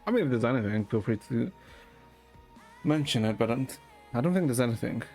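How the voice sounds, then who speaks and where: A man streaming and chatting casually with a deadpan manner, swearing often. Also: medium pitch, fairly quick, faint music behind.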